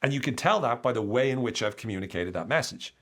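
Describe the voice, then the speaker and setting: A man with an Irish accent hosting a solo podcast, explaining ideas in an animated way. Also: mid-range voice, fast talker. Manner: explanatory, animated, acts out quoted lines. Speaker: podcast host.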